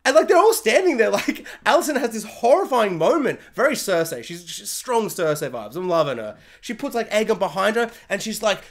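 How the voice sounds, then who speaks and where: A woman's voice: mid-range voice, big pitch swings, moderate pace, hardly any pauses. A woman reviewing a TV episode in a loose, ranting vlog style. She sounds baffled and exasperated, with sarcastic asides. She keeps switching into mocking voices for the characters and writers before dropping back to her plain voice. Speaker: TV review vlogger. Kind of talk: casual spoiler-review rant.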